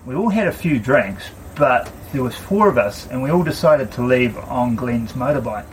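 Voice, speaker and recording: A man's voice: mid-range voice, normal speed, a little hiss or hum, poor audio. A man telling anecdotes at a family gathering, laughing as he goes. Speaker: family storyteller. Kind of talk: telling stories among family. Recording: informal recording over a lively crowd. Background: crowd chatter.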